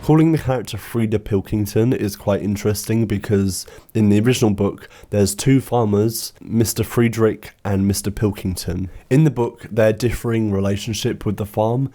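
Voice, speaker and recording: A man talking through a film adaptation in a commentary video essay, dry and sarcastic in his asides. His voice sits a little low and sounds warm and relaxed rather than bright. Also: moderate pace, few pauses.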